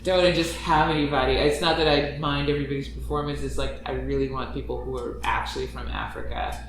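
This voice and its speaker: A man chatting animatedly in a casual group conversation about making his podcast, with quick asides. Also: medium pitch, fairly even intonation, noisy background. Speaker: podcast creator. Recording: echoey room, far from mic.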